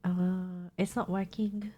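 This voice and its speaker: A woman's voice: on the low side, little pitch movement, slow pace, mellow, a little hiss or hum. A young woman with a stuffed-up nose from a cold, chatting casually to her stream viewers, swearing freely and laughing often. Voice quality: nasal, congested.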